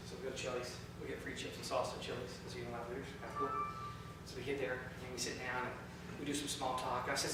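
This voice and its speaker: A man who leads a youth ministry, giving a storytelling training talk, lively and often repeating words as he searches for them. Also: mid-range voice, fairly quick, far from the mic, noisy background. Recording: echoey room, voice from afar.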